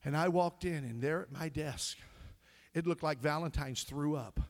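A middle-aged preacher with a notably high voice delivers his sermon with fervor. He sings lines of a song, laughs along with his congregation and calls back to them. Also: normal speed. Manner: loud, preachy call-and-response with singing and laughter. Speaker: pastor.

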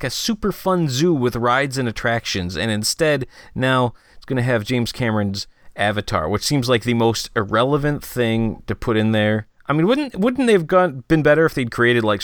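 A man co-hosting a podcast, ranting in casual chat, his voice jumping high when he is exasperated. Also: clear, resonant tone, dry recording, studio quality. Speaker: podcast co-host.

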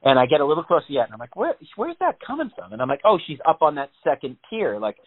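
A man's voice: medium pitch, animated, racing. A man telling a story in casual, rambling chat on a podcast, with lots of swearing. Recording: tinny phone-like sound.

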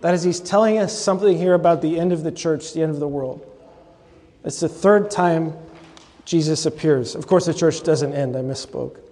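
A man's voice: on the high side, normal speed, darkish tone. A man giving a conversational, humorous scripture lecture as a host, with asides to his audience. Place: large lecture hall at a convocation. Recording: long hall reverb from a live talk.

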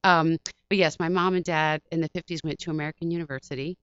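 A woman's voice: low-pitched, fairly even intonation, fast talker, fairly bright tone, smooth, dry recording, muffled recording. A woman from the Washington, D.C. area, a guest chatting casually and rambling, acting out her own quotes. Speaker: actress guest. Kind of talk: casual interview chat.

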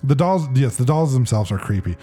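A man's voice: medium pitch, expressive, fairly quick, mellow, slightly rough, soft background music. A man co-hosting a casual chat, hesitant and full of fillers. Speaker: podcast co-host.

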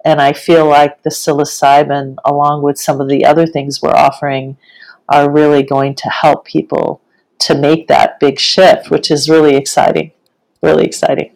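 A woman co-hosting a live chat, talking enthusiastically and haltingly with many fillers. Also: low voice, level tone, darkish tone, rough recording. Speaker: co-host, retreat facilitator. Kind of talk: casual live-stream chat.

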